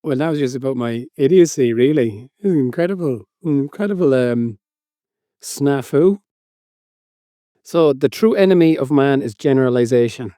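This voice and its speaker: A man's voice: medium pitch, normal speed, mellow, no room sound, studio quality. A male podcast co-host in casual banter, sheepish and self-deprecating about his own mistakes.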